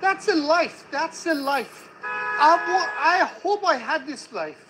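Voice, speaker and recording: A man's voice: very high-pitched, expressive, slow pace, background noise. A man chatting casually outdoors on a street, teasing and swearing in a mock-grumpy way. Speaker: vlog companion. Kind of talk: casual joking chat.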